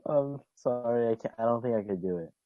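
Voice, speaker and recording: A man's voice: medium pitch, brisk, no room sound, phone-quality sound. A young male college freshman, a podcast guest who answers briefly and shyly. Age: young adult. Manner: shy, brief replies. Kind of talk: casual chat.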